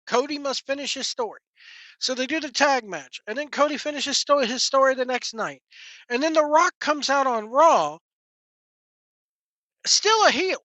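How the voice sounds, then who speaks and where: A woman rants in a casual, rambling way on a wrestling podcast, stumbling over and repeating words as her exasperation builds. Her voice is bright and forceful, pitched a little high. The recording is dry and slightly muffled. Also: dry recording. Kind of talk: casual opinion rant.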